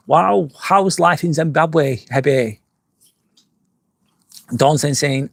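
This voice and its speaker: A man's voice: fairly high pitch, takes it slowly, creaky, pauses often, dry recording. A man from England, a little tipsy, chatting casually on a live stream, reading out viewer comments and going off on profane, rambling rants. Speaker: vlogger hosting a live stream. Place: outdoors by a fire pit at a glamping site.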